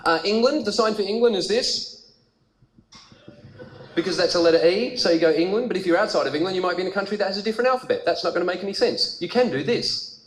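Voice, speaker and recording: High-voiced Australian comedian on a roomy live stage. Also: male voice, fast. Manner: conversational storytelling with punchy, animated punchlines. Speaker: stand-up comedian. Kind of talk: stand-up comedy routine. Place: large comedy theatre stage with live audience. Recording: roomy live theatre sound with noisy audience.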